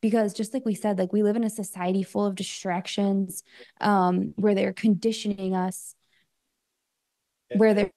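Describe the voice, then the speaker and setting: A woman coach talks loosely as an interview guest, her voice mellow and warm in tone. She speaks at an ordinary pitch for a woman, filling her speech with likes and ums. Now and then she acts out her own thoughts as little quoted asides. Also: flat delivery, moderate pace. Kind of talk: casual interview talk.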